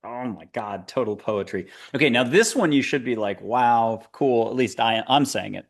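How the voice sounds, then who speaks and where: A man's voice: medium pitch, normal speed. A man hosting a spiritual talk show, guiding listeners through breathing and visualization with a playful, joking manner. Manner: playful, jokey, coaxing guide. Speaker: show host. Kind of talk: guided meditation talk show.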